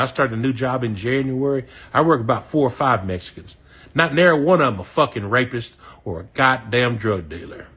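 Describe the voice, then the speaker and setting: A man's voice: mid-range voice, fairly bright tone, slightly rough. A man with a Southern American accent ranting angrily and cursing often, apologizing now and then for his language. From Southern United States. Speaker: voter sharing his view. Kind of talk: angry personal rant.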